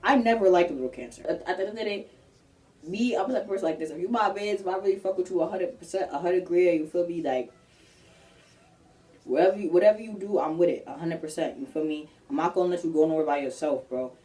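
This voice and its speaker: Young woman, lowish voice, slangy and animated, storytime vlog, set back from the mic. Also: fast talker, distant mic. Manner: animated, slangy, acts out quotes.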